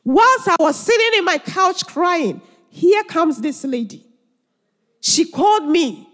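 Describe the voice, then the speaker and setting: A woman's voice: extremely high pitch, animated, slow, fairly bright tone. A woman preacher delivering an earnest sermon full of emphatic rhetorical questions, heard in a church hall. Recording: long church hall reverb.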